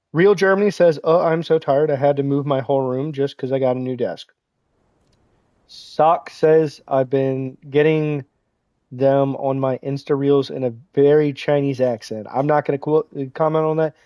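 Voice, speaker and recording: A man's voice: fairly high pitch, steady tone, normal speed, mellow, dry recording, lo-fi sound. A man streaming a tank game, casually chatting and joking while reading viewer messages aloud. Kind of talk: casual gaming livestream chat.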